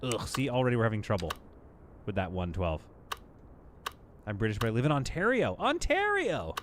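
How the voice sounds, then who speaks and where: A man's voice: lowish voice, brisk, noisy background. A man streaming live gameplay, chatting casually to his viewers and to the game as he builds. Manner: chatty, talks to the game and to chat, playful asides.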